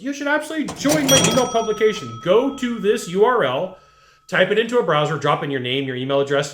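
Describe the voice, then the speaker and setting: A man's voice: fairly high pitch, a bit bright. A man giving blunt, conversational sales coaching straight to his viewers, full of rhetorical questions. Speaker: sales trainer. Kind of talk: direct-to-camera sales coaching. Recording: roomy echo.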